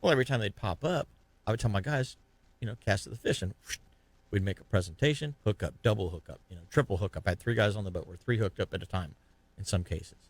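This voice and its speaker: A man hosting a fishing podcast, telling a lively fishing story in casual chat and acting out the other anglers' lines. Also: fairly low pitch, quick pace, no room sound. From Florida.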